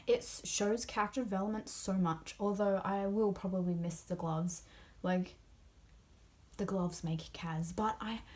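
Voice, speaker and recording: This young book vlogger chats about spoilers from a novel she adored, her tone gushing and loaded with fillers. She has a darkish, medium-pitched voice and keeps dropping into whispers.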